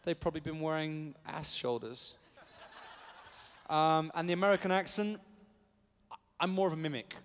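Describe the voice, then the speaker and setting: On an echoey convention stage, a British actor guest jokes with fans in a cheeky, rambling way. His voice is on the high side and fairly even, at a moderate pace with frequent pauses, and there's a faint hiss or hum.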